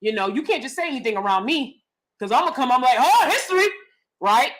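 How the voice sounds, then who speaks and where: Blunt woman, livestream host reading chat, lively and laughing, slightly high voice. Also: quick pace. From United States. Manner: animated, laughs often, sassy and blunt. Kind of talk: casual opinionated livestream chat.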